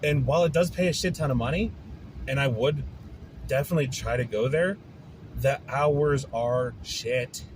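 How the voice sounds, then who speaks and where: A man's voice: mid-range voice, moderate pace, background noise. A man hosting his own podcast, venting in a frustrated, profane casual rant. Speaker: podcast host. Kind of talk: casual ranting monologue.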